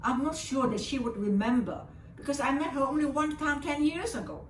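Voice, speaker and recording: Her voice is high-pitched and brisk: an older Vietnamese woman, interviewed in English, her second language, with a Vietnamese accent. She tells a personal story emotionally, frequently repeating words, and the audio is roomy and distant with a faint background hiss.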